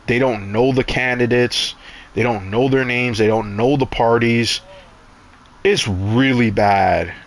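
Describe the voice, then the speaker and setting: A man's voice: mid-range voice, slow pace. A young man chatting casually while gaming, telling rambling, profane stories full of restarts and asides. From Canada. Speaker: gaming streamer.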